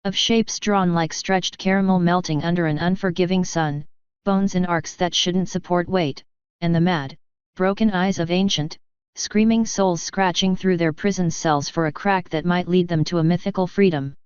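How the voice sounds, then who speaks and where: Smooth low-voiced woman narrating a story. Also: fairly even intonation, no echo. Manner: measured, dramatic narration. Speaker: fanfiction reader. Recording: slightly dull lo-fi recording.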